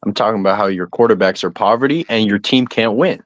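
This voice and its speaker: A man's voice: on the low side, quick pace, muffled recording. A man arguing sports on a podcast, pushy and rattling off lists of players. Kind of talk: casual sports debate.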